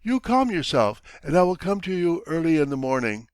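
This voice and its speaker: A man's voice: on the high side, big pitch swings, clean tone, no room sound, clean studio sound, pitched above the performer's own voice. A man reading an audiobook, voicing a blunt, self-satisfied older townsman who talks down to others. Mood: coaxing. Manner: brisk, dismissive, bossy. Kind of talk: audiobook character voice.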